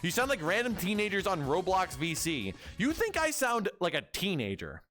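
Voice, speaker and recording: A man's voice: high voice, wildly swooping pitch, normal speed, a bit bright, faint music behind. A young man streaming as a VTuber, chatting and joking with his chat in a rambling way. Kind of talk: casual livestream chat.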